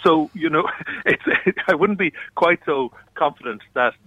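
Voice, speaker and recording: Irish male guest, halting and earnest, bright tone, muffled phone-in sound. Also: a little high, dry recording. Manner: earnest, halting with many restarts. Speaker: union official guest. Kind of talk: radio interview.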